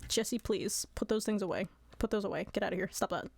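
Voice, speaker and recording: A woman's voice: mid-range voice, fast, creaky, dry recording. Woman streamer, casual chat, laughs often, dry close sound. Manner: giggly, apologetic, chatty.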